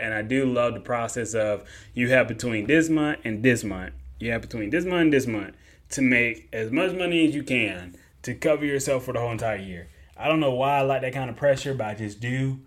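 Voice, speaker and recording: A young man hosting a casual question-and-answer show, talking in a relaxed, rambling way and repeating points as he goes. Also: fairly low pitch. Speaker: host answering listener questions. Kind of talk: casual Q&A podcast talk.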